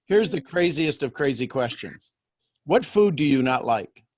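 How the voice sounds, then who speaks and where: A man coaching someone on a call, pressing with quick rhetorical questions. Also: on the high side, lively intonation.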